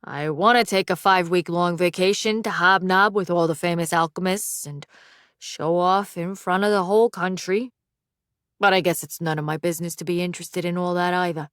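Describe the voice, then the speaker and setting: A man's voice: high-pitched, steady tone, moderate pace, fairly bright tone, clear, resonant tone, no echo, studio quality. A woman voicing a bitter, defensive young male alchemist in an audiobook. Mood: wistful. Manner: defensive, wistful. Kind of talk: audiobook dialogue.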